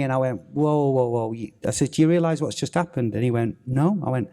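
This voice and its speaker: A man's voice: mid-range voice, brisk. Man, ex-footballer, storytelling, swearing, long theatre reverb. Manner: swearing, animated anecdote telling with acted-out quotes. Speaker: former footballer guest. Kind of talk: on-stage storytelling. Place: theatre stage.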